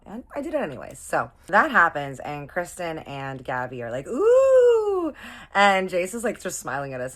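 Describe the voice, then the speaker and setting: A young woman with an unusually low, deep voice tells a long storytime. She talks casually and dramatically, calling her viewers y'all. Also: fairly bright tone. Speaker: storytime vlogger.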